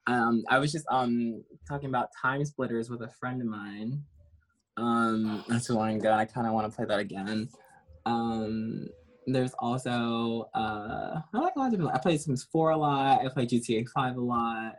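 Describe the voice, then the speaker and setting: Giggly, chatty wrestler guest. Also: male voice, medium pitch, fairly even intonation, moderate pace. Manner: giggly, self-deprecating, chatty. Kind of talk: casual interview over a call.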